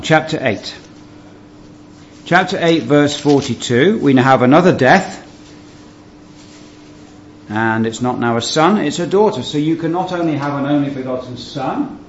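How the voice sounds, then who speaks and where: A man's voice: medium pitch, a little hiss or hum. A man giving a verse-by-verse Bible teaching, drawing out key words for emphasis and asking the listeners rhetorical questions. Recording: dull lo-fi recording with faint ambience.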